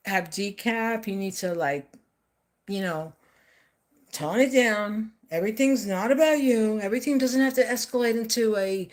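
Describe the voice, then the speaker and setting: An older woman, talking off the cuff on a live stream in a rambling, emphatic way, often repeating herself. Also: medium pitch. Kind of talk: casual live-stream monologue.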